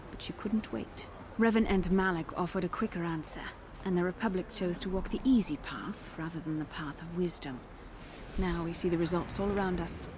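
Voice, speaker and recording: A woman voicing a proud, stern young Jedi woman in a video game, speaking in a measured, lecturing way. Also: on the low side, background noise, natural voice.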